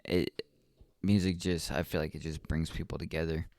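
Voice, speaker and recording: A man's voice: rumbling low, level tone, moderate pace, gravelly, darkish tone, dry recording, clean studio sound. A young man hosting a podcast, talking casually on his own in a rambling, reflective way, yawning often. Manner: rambling and reflective, with many ums and restarts. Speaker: podcast host. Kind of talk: casual solo podcast talk.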